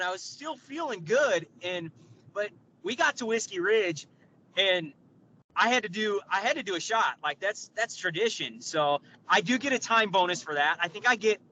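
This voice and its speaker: A man co-hosting a podcast in casual chat, an animated storyteller who laughs often. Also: high-pitched, lo-fi sound, slight background noise. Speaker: podcast co-host.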